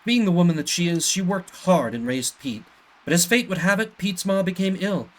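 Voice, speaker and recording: A man voicing a gossiping villager in a video game, talking fast and softly. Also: high-pitched, animated, pitched above the performer's own voice, poor audio. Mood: gossipy.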